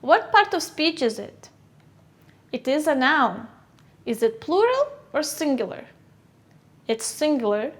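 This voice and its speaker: Woman, English teacher, first language Kyrgyz, high voice, slow deliberate classroom drilling. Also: sing-song. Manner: slow, clear teacherly drilling with question and answer. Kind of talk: classroom vocabulary lesson.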